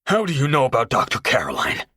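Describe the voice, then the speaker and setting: A man's voice: a bass voice, moderate pace, fairly bright tone, slightly rough, heavily acted. A male audiobook narrator voicing a cold, vicious young gunman who talks with venom. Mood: alarmed. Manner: menacing, venomous. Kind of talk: audiobook character voice.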